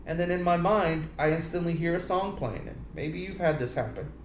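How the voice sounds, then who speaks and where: A Christian speaker with a fairly high-pitched voice talks at a moderate pace about love and marriage in a preachy, personal way. His storytelling is animated, with acted-out voices and bits of song. Echo fills the room and faint background noise lingers.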